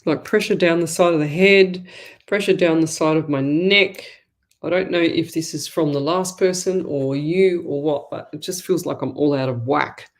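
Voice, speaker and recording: A woman hosts a live call-in show as a psychic medium. She talks in a loose, chatty, rambling way and addresses listeners warmly as "lovey". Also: low voice, moderate pace. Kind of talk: live online call-in readings.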